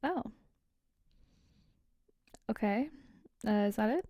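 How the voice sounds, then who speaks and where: A woman voicing a bored, dismissive nurse in a whispered role-play, flat and offhand. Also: fairly high pitch, slow, no echo, studio quality.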